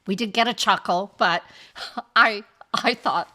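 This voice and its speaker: A woman's voice: mid-range voice, slow. An older woman hosting a podcast, telling personal stories frankly and acting out the remarks of others, often with a laugh. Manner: animated, acts out quoted remarks. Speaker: podcast host. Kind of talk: personal storytelling monologue.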